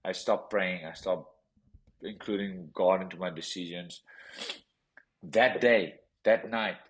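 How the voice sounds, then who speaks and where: Speaking slowly in a deep voice, a professional boxer with a South African accent shares a personal story on a podcast with intensity and repeated phrases. The recording is rough.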